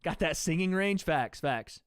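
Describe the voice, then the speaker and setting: A man calling fights on a livestream for his chat, casual and profane, jumping between play-by-play and chatter. His voice sits a bit high for a man. The sound is dry and close. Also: animated, unhurried, clean tone, no echo. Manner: chatty, swears freely, talks to chat between calls. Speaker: livestream host. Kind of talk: fight watch-party commentary.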